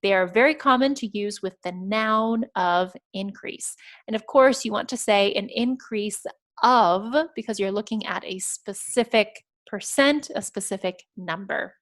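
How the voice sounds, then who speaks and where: Woman, English exam teacher, clear and patient, mid-pitched, step-by-step explanations. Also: measured pace, a bit bright. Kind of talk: explaining vocabulary over slides.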